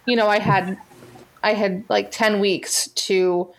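American woman, actress, casual chat, mid pitch, rambling, lots of um and like. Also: fairly even intonation, takes it slowly, gravelly, rough recording. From United States. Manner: rambling, many fillers and restarts. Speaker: actress and podcast guest.

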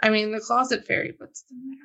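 A woman co-hosting a casual book discussion, talking in a relaxed, conversational way. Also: fairly high pitch, fairly quick, muffled recording. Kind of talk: casual book club chat.

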